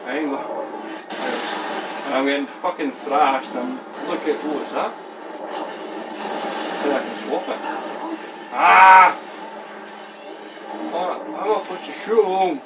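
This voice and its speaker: A Scottish man playing a video game, swearing constantly and shouting at the screen. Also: fairly high pitch, moderate pace, long pauses, recorded from a distance. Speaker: gamer playing a shooter. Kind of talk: live reactions while gaming. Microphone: camera across the room. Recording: echoey room, off-mic, background noise.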